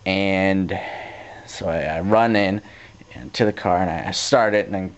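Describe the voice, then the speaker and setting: Teenage male vlogger, low smooth voice, rambling storyteller, muffled lo-fi tape sound. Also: unhurried. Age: teens. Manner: rambling, restarts often, animated when retelling. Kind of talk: casual storytelling to camera. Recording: dull lo-fi camcorder tape audio.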